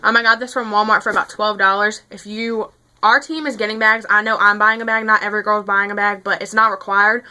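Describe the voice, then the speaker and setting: A woman's voice: medium pitch, flat delivery, fairly quick, pushed and bright. A teenage girl chatting casually to camera as a vlogger, rambling with lots of fillers and a little out of breath. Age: teens.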